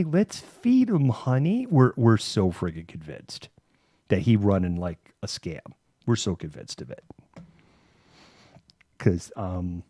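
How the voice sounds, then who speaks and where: A man's voice: sits low, darkish tone, no room sound, studio quality. A man hosting a live stream, telling rambling stories with a lot of swearing. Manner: rambling, profane storytelling. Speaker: host. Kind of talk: live-stream casual chat.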